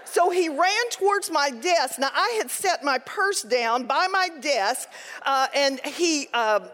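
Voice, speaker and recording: A woman teaching a Bible study, mixing scripture with lively, humorous personal stories. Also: high-pitched, slow pace. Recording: long hall reverb.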